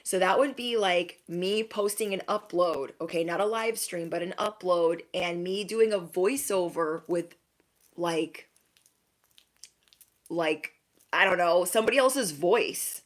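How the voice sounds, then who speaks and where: Young woman, intuitive reader, low-ish voice, casual, blunt, chatty. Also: measured pace. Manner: chatty, frank, many "like" fillers. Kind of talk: casual spiritual reading to viewers.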